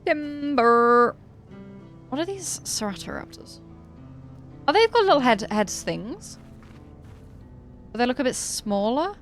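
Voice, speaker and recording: A woman's voice: high-pitched, sing-song, measured pace, pauses often, soft background music. A woman with a British accent streaming a game, reading the characters' dialogue aloud with playful asides and laughing often. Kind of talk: live gameplay commentary, reading dialogue aloud.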